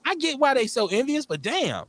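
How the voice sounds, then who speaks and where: Animated man from Milwaukee, lively pitch. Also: moderate pace, dry recording. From Milwaukee, Wisconsin. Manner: animated, profane, laughing often. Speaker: radio show host. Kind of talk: casual chat.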